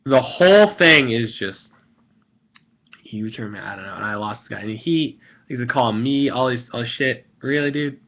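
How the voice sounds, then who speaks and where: Young guy ranting about a game, cussing and rambling, mid pitch, kinda muffled mic. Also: lively intonation, moderate pace. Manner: rambling, salty, profane. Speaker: gaming video creator. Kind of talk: rambling gaming commentary rant.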